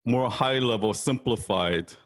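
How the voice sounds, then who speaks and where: A man in casual conversation, animated and quick to laugh. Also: medium pitch, dry recording, clean studio sound. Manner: laughs often, lively and animated. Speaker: guest. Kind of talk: casual chat.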